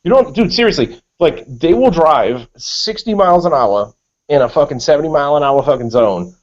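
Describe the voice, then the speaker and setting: A man from Massachusetts telling stories on a group video call, animated and full of swearing. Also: a little high, moderate pace. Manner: profane, animated storytelling. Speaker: panelist. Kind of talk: casual storytelling on a group call. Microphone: online video call. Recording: dull lo-fi call audio.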